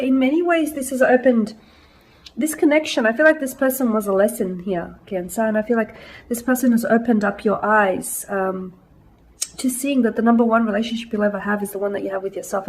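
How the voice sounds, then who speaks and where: A woman's voice: fairly high pitch, a little fast, a little hiss or hum, low-quality recording. Reassuring woman giving a tarot reading. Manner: reassuring, repeating "I feel like" and "I'm seeing". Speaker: tarot reader. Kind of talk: casual tarot reading to viewers.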